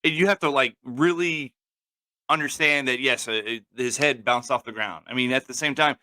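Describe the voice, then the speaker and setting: A man's voice: mid-range voice, sharp tone, dry recording. A man co-hosting a casual talk show, swearing freely and working himself up to angry outbursts. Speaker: podcast co-host.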